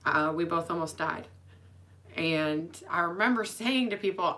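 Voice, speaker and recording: A woman's voice: lowish voice, unhurried, pushed and bright. A young adult woman, a nurse, speaking candidly and emotionally in a rambling personal vlog, with frequent fillers. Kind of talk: personal vlog to friends and family.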